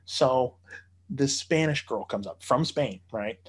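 A man's voice: medium pitch, lively intonation, slow pace, slightly rough. A man telling a long story in casual podcast chat, profane and rambling with many fillers.

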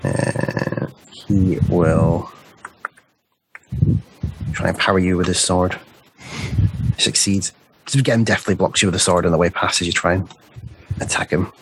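A man's voice: deep voice, fairly even intonation, normal speed, long pauses, husky. A man acting as game master, steadily explaining each combat turn and chuckling often. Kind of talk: narrating a tabletop game.

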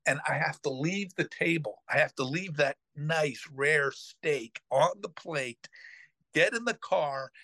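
A man's voice: on the high side, slow, no room sound. Middle-aged man telling a rambling story. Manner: rambling, full of fillers and restarts, animated retelling. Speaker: podcast host. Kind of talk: casual storytelling.

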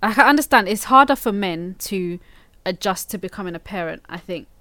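A woman's voice: mid-range voice, animated, a little fast, pushed and bright, no room sound. A young woman, a midwife, talking casually and earnestly in an explaining way. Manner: earnest, explaining, many fillers. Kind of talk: casual chat.

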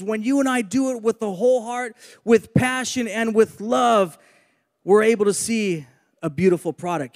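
A man's voice: extremely high pitch, a little mellow, big-room sound. A man preaching a sermon and leading a prayer, earnest, with repeated phrases.

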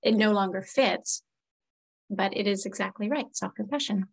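Husky and touched with vocal fry, the woman's mid-range voice moves at a moderate pace. As a therapist in a casual talk, she comes across sincere and reflective, imitating clients in lively voices on a rough recording.

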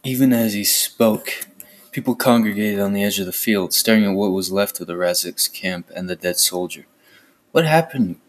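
Low voiced guy reading a book out loud, plain, stumbles a bit. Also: flat delivery, normal speed. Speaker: reader. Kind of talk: reading a novel aloud.

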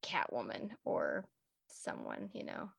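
A woman co-hosting a casual podcast chat about a TV show, animated and swearing freely. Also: a bass voice, slow, gravelly, breathy edge. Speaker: podcast co-host.

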